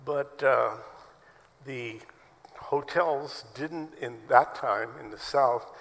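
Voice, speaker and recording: A man at mid pitch, his voice gravelly, preaches to his congregation in a storytelling, conversational way. His words carry a long reverb from a large church hall. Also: a bit bright. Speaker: pastor. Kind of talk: sermon. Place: church sanctuary.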